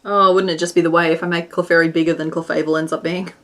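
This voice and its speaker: A woman's voice: fairly low pitch, little pitch movement, fast, a bit bright. A woman hosting a crochet livestream, chatting casually and giggling while she answers chat and counts stitches aloud.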